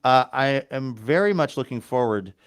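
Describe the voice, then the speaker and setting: A man's voice: medium pitch, expressive, normal speed, smooth. A man hosting a podcast in casual chat. He jokes, rambles, and cuts himself off mid-sentence. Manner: joking, rambling, self-interrupting. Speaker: podcast host.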